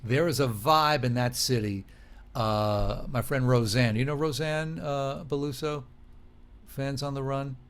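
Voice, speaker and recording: Animated American man telling stories. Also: mid-range voice, a little slow, clean tone. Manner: animated storyteller who acts out quoted voices. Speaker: podcast guest telling stories. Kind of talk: casual chat.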